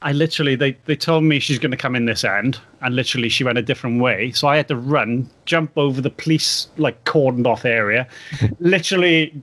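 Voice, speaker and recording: A man in casual chat as a guest, telling stories in a relaxed way, laughing often and acting out what people said. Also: medium pitch, brisk, no room sound. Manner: laid-back storyteller, laughs often, acts out quotes. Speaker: guest photographer.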